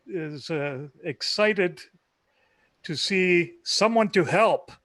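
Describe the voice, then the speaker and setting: A man playing a tabletop game, introducing his character in a hesitant way, full of pauses. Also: a little high, fairly bright tone, no echo. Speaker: player.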